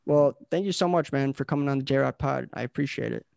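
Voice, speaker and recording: Young man, podcast host, gravelly and dry, rambling easygoing chat. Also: medium pitch, a little fast, a little mellow, no room sound. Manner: rambling, laid-back, lots of filler words and dudes.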